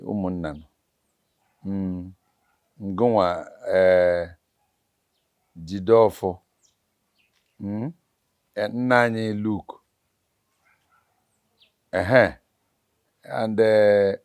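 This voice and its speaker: A man's voice: lowish voice, dry recording, exaggerated voice. An actor with a Nigerian accent playing an exasperated middle-aged father in a film drama, hesitating with many fillers.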